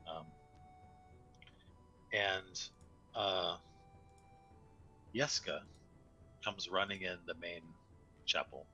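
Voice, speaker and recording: A man narrating a tabletop game as game master, unhurried and full of fillers. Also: low-pitched, fairly even intonation, pushed and bright, lo-fi sound, soft background music.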